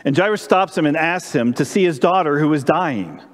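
Brief: lively male pastor, sermon storytelling, big church reverb. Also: fairly high pitch, fairly quick. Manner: animated storyteller, asks congregation questions. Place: church sanctuary during live-streamed service.

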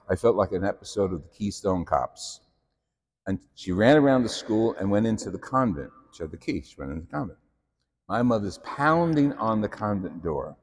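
Deep-voiced priest telling stories. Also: male voice, darkish tone, big-room sound. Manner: anecdotal storytelling, self-deprecating. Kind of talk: sermon. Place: church.

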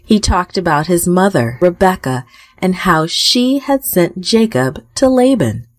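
A woman telling a Bible story for children in a gentle, expressive reading. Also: fairly low pitch, measured pace, no room sound, clean studio sound. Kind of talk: scripted narration for children.

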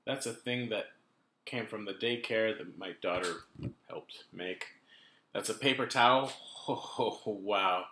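At home in a room with kitchen items, a vlogger in his thirties rambles casually at his laptop camera, tossing in self-deprecating asides. His voice is fairly low and sharp, his pace slow, and the sound is roomy.

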